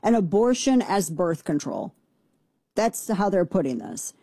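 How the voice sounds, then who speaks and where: A woman hosting a talk show, riffing on the news in a sarcastic, mocking way. Her voice is mellow and dark-toned, recorded close and dry with no room sound. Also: mid-range voice, animated, measured pace, no echo. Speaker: show host. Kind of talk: casual political commentary.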